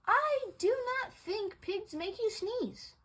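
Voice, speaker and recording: A calm, matter-of-fact cat doctor from a storybook, as a woman reads it. The voice is slow and a touch lower than her own. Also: exaggerated voice.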